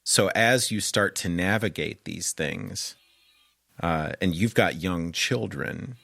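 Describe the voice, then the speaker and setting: Man hosting a podcast, gently probing, slow and measured, low voice. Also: vocal fry, no room sound. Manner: halting and thoughtful, gently probing. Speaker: podcast host. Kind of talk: interview conversation.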